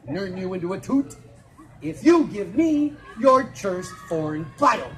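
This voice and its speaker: A man's voice: high voice, big pitch swings, a little slow, a bit bright, faint music behind, full character voice. A man voicing an ugly old witch who bargains spitefully, in mock-grand storybook speech. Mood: haughty. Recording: phone recording with fair noise behind.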